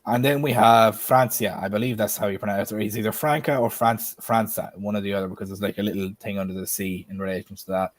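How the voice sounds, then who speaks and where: A man's voice: fairly low pitch, little pitch movement, fast talker, hardly any pauses, no room sound. A man with an Irish accent hosting a casual stream chat, often turning questions to the panel and the chat. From Ireland. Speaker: host.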